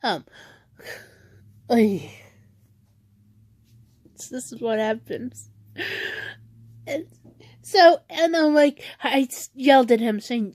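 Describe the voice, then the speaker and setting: A woman's voice: on the high side, animated, slow pace, pauses often, darkish tone, no room sound. A woman vlogger ranting at home in a rambling, frustrated way, often restarting her sentences. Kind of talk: venting rant vlog.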